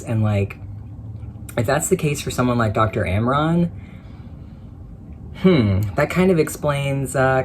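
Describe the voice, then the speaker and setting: A man hosting a reaction commentary, talking with wry asides and frequent stammered restarts. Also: medium pitch. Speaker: commentary host. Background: air conditioner hum.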